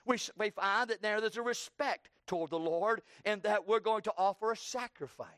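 A man preaching a sermon with fervor, swinging between loud cries and hushed tones and repeating his phrases for emphasis. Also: high voice, moderate pace, dry recording, clean studio sound.

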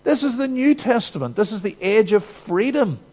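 A man's voice: high voice, expressive, moderate pace, darkish tone, pitched above the performer's own voice. A male preacher mimicking a dismissive churchgoer who scolds others for keeping old rules. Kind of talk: sermon with acted quotes.

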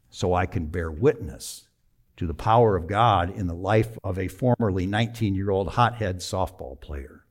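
A middle-aged man preaching a sermon, telling a personal story with emotion, moving from quiet to emphatic. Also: sits low. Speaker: pastor.

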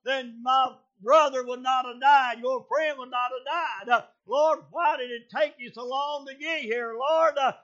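A man's voice: very high voice, steady tone, a little slow, hardly any pauses, fairly bright tone, voice pushed up. A preacher acting out a grieving pleading woman. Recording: slightly muffled lo-fi recording.

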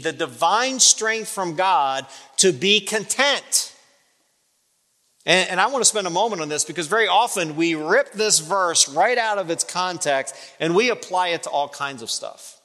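A man gives a sermon with a bright, forceful voice, pitched a little above the usual. He tells a story and acts out the dialogue with big jumps in pitch. A long hall reverb trails behind his words. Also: animated, a little slow. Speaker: pastor.

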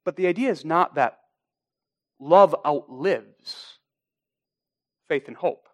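A man with a high voice delivers a sermon as a pastor. He speaks deliberately and with emphasis, stretching out key phrases to drive his point home.

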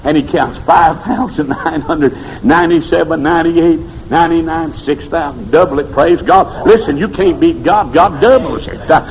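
A man preaching a revival sermon, telling stories and swinging between shouted peaks and hushed low passages. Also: normal speed, hardly any pauses, low-quality recording.

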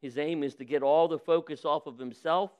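A man preaching as a pastor, who reads a parable aloud with lively voices for its people and then preaches on it. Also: on the high side, fairly quick, smooth, muffled recording. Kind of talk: sermon with a read-aloud story. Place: church.

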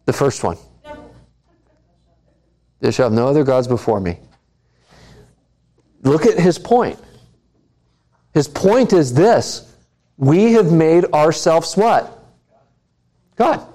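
A man's voice: on the high side, big pitch swings, slow pace, pauses often, dark tone. A man preaching a sermon, putting questions to the congregation and repeating key lines for emphasis. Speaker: pastor.

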